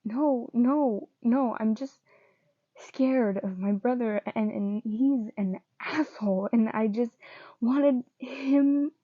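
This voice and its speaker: A woman's voice: fairly high pitch, takes it slowly, no echo, muffled recording. A woman reading a tearful young man. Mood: pleading.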